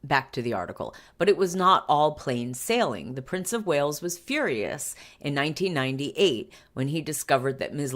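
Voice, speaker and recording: Deep-voiced woman going through an article slowly, lots of wry asides, stops and restarts. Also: a bit bright. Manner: wry asides and frequent self-interruptions. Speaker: commentary host reading an article. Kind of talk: casual commentary on a news article.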